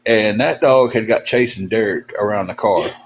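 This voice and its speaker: A man's voice: lowish voice, moderate pace, husky, low-quality recording. A man hosting a livestream, telling rambling, folksy stories to his chat with many fillers and restarts. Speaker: livestream host. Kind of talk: casual storytelling to live chat.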